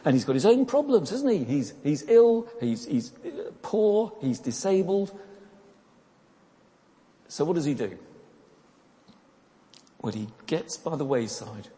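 A man preaches in a relaxed, chatty manner, tossing in questions to his listeners and stumbling over repeated words. His voice is mellow and warm. It rings out with the long reverb of a church hall. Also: fairly high pitch, slow pace, pauses often. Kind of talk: sermon.

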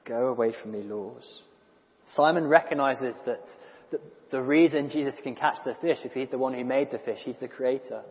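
A man preaching a sermon in a conversational, animated way, with quick asides and small restarts. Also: medium pitch. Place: church. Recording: dull lo-fi recording in a reverberant church hall.

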